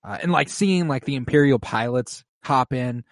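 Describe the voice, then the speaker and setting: Male podcast co-host, mid-pitched and excitable, cursing freely, recorded dry. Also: moderate pace, no echo. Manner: excitable, swears often, lots of fillers. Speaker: podcast co-host recapping an episode. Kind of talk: casual chat.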